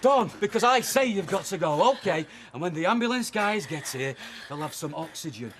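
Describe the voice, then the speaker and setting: An actor playing a neighbour in a television soap drama who urgently takes charge of rescuing a friend and coaxes him along. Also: male voice, high-pitched, lively intonation, fairly quick, fairly bright tone, slight background noise. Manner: urgent, commanding, coaxing.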